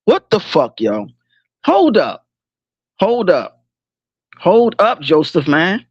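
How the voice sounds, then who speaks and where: In a slow, husky, high-pitched voice, a man hosts a casual livestream, rambling in slangy bursts and cursing freely. He's animated, keeps laughing and stopping to regroup, and the lo-fi audio has no echo.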